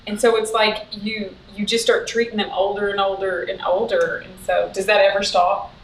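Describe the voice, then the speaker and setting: A woman's voice: mid-range voice, level tone, normal speed, distant mic. A woman who works as a church secretary, talking reflectively about parenting in casual chat. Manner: reflective, acts out quoted thoughts. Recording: echoey room with faint noise.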